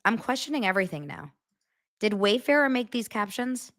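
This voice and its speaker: A woman's voice: fairly high pitch, expressive, moderate pace, a bit bright, no echo. A woman hosting a celebrity gossip show, chatting casually to her viewers, emphatic and incredulous, often repeating herself. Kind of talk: casual chat to camera.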